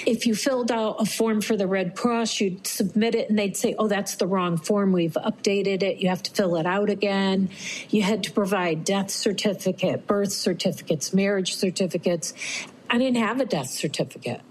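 A woman's voice: mid-range voice, normal speed, a little hiss or hum, low-quality recording. A middle-aged woman telling a personal story to an interviewer, acting out what others said. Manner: animated, acts out quoted voices.

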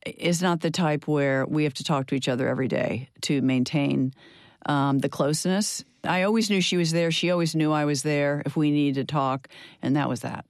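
A woman's voice: low voice, normal speed, no room sound, studio quality. Older woman telling her story candidly. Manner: earnest, candid, with frequent fillers and restarts. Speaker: interview guest. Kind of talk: personal storytelling in an interview.

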